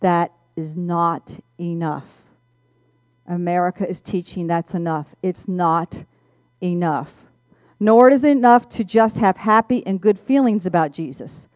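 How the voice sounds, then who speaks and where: A woman telling a personal testimony in an animated storytelling manner, acting out the voices. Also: mid-range voice, normal speed, no room sound, clean studio sound. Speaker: speaker giving a testimony.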